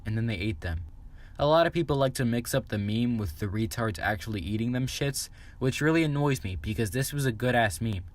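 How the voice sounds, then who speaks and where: A man's voice: medium pitch, animated, fairly quick. A young man giving a sarcastic, swearing comedic review of internet memes. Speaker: meme commentary YouTuber.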